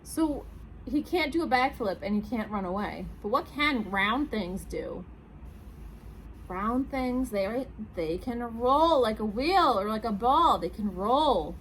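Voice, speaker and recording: Animated woman reading children's stories. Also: a little high, takes it slowly, slight background noise, poor audio. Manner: animated, asks young listeners questions. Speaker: children's librarian. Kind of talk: reading picture books aloud at a storytime.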